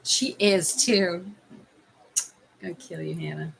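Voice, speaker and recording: A woman's voice: fairly low pitch, slow, gravelly, slight background noise. A Canadian woman in her thirties hosting a casual live stream from home, chatting with viewers in a teasing manner and laughing often. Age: 30s.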